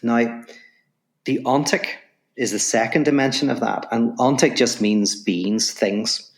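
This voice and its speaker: A man's voice: medium pitch, unhurried. A man telling a parable and then explaining abstract ideas as a podcast guest, acting out the voices in his story and restarting phrases as he builds each point. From Northern Ireland. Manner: lively storyteller, acts out voices in anecdotes.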